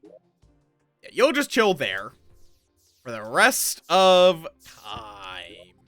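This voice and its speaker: Casting: animated streamer, bright tone, loose sweary running commentary over faint game music. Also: medium pitch, extremely slow, no echo. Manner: rambling, casual, swears freely; drifts into a mock accent. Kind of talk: live gameplay commentary.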